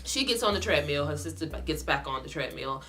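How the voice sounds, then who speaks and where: Bright-voiced woman ranting thru a storytime vlog, faint music under it. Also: low voice, a little fast. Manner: animated, indignant retelling. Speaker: vlogger.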